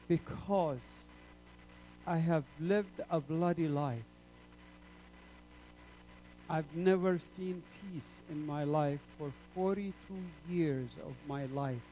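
A man from the Middle East preaching his own testimony in an impassioned sermon style. He is emphatic, dropping low and soft, then climbing to loud peaks. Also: slow pace, pauses often, a little hiss or hum, low-quality recording.

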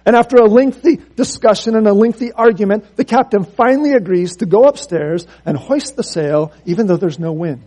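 A man's voice: high voice, animated, brisk, hardly any pauses, mellow. A man preaching a sermon, earnest and story-driven, often repeating words as he restarts.

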